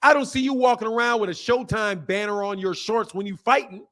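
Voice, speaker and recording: A man's voice: high voice, fairly even intonation, fairly quick, fairly bright tone. A man hosting a boxing channel, ranting to his viewers in a heated, profane way, repeating his points over and over and reading out viewer comments. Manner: heated, profane, hammering repetition; reads viewer comments aloud.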